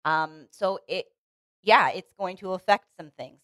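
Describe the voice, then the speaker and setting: A woman's voice: lowish voice, a little slow, a bit bright, no room sound. A woman co-hosting a casual podcast chat, earnest and opinionated, restarting her sentences often. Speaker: podcast co-host. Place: Los Angeles.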